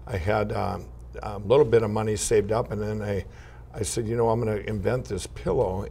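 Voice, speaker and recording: A man from Minnesota, a guest in an interview, telling rambling, animated anecdotes full of restarts and laughs. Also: fairly low pitch. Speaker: guest entrepreneur. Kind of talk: casual interview storytelling.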